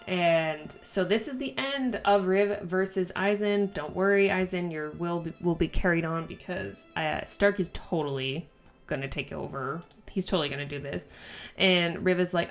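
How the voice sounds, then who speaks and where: A woman recapping manga chapters in a casual, gushing way, acting out lines and reacting with quick asides. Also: lowish voice, steady tone, soft background music.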